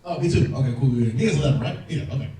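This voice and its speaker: A young adult comedian from a Dominican family performs stand-up, animatedly telling family stories, acting out voices and chatting with the crowd. His mid-range voice comes rapid-fire, with the mic heard from afar in an echoey hall, and the audience laughs throughout.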